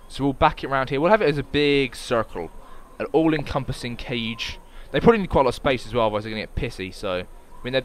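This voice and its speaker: Animated man swearing through a game. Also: on the low side, slight background noise. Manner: excitable, swears often, talks to himself while playing. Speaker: gameplay commentator. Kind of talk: casual let's-play commentary.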